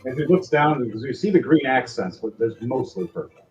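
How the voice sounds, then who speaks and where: A man narrating as game master in halting, conversational phrases. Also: mid-range voice, lively intonation, roomy sound. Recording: dull lo-fi sound with faint music.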